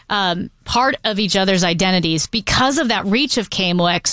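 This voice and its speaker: A woman's voice: medium pitch, a bit bright, no room sound. Articulate woman radio host, dry sound. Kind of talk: radio interview.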